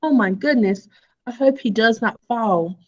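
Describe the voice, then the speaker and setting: High-voiced woman teacher, slow, sing-song phonics drills over a video call. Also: dull audio. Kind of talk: live online phonics lesson for young children.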